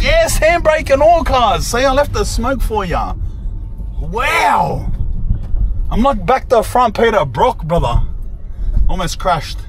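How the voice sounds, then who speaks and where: A young man films himself on a phone while driving, full of excitable jokes and slang banter. His voice sits high and leaps all over the place. Loud engine and road noise from the car sits under every word. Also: slow, pauses often. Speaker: travel vlogger. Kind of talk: casual self-filmed driving commentary. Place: inside a moving car. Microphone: phone camera.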